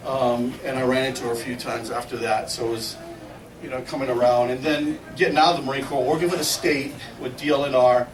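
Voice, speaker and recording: At a memorial gathering hall, a middle-aged man delivers an informal eulogy full of folksy, laughing stories, quoting people in animated voices. His pitch is medium and his delivery brisk. The sound is echoey, distant from the microphone, and noisy.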